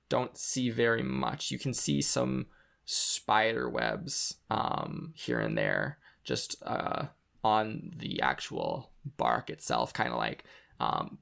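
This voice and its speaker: A man narrating as game master of a tabletop game, halting often with ums and likes. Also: fairly low pitch, vocal fry, fairly bright tone.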